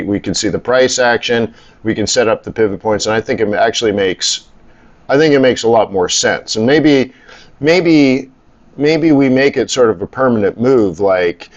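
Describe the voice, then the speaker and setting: A middle-aged man hosting a live trading stream. He talks in a rambling, blunt, casual way, grumbles and swears now and then. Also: medium pitch. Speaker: live stream host, forex trader. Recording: slightly dull lo-fi audio.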